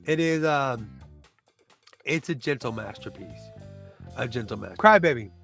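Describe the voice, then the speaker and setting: A man's voice: mid-range voice, expressive, moderate pace, vocal fry, a bit bright, faint music behind. A man who reviews movies chats casually through a countdown, rambling loosely, restarting and groping for names.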